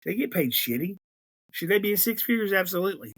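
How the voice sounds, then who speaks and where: High-pitched and fast, with big swings in pitch, this man hosts a political podcast. His commentary turns into an emphatic rant, and he repeats himself when he gets aggravated.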